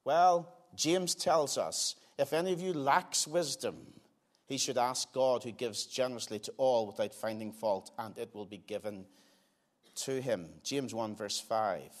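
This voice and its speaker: An older man preaching to his congregation from the pulpit of a church. His voice sits at an ordinary middle pitch for a man. He speaks earnestly, leaning hard on key phrases and then dropping to quiet, unhurried asides. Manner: earnest, swings between emphatic loud lines and quiet slowed asides. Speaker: pastor. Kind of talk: sermon. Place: church sanctuary.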